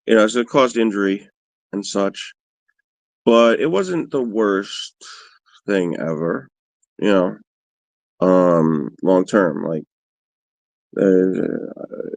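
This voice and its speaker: A man's voice: lowish voice, vocal fry, no echo. A man hosting a livestream, telling rambling, profane, self-mocking stories and answering viewers in casual chat. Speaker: livestream host.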